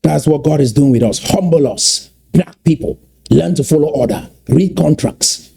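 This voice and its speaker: A man giving impassioned political commentary, emphatic and repeating key points slowly for weight. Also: on the high side, gravelly, mellow, husky.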